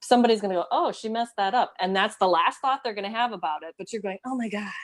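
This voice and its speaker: A woman's voice: mid-range voice, quick pace. A woman co-hosting a casual motivational chat, earnest and reassuring. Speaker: co-host.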